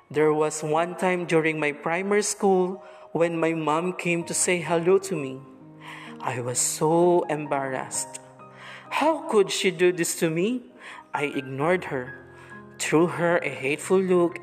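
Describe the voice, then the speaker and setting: Slow, low-voiced woman reading a story. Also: in a large hall. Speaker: teacher. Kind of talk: reading a story aloud to a class.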